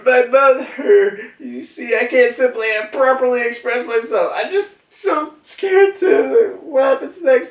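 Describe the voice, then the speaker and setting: A man voicing a young boy shogun who sobs and wails in a high, crying voice. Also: gravelly. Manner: wailing high-pitched crying voice. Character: young male boy shogun, sobbing, clingy. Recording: roomy, from a distance.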